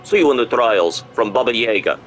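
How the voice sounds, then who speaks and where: A man's voice: medium pitch, expressive, brisk, a bit bright, faint music behind, close to an everyday voice, low-quality recording. A man voicing a boastful huntress with a put-on Russian accent.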